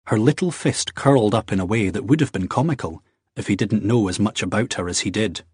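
A male narrator reads the story in a steady, even way. His voice is low and husky, and the recording is dry and close with no room sound. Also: fairly quick, no room sound. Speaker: audiobook narrator. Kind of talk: scripted narration.

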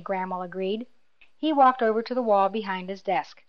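With a mid-range voice, a female audiobook narrator reads a novel from a script at an even, measured pace. The recording is lo-fi and a bit dull.

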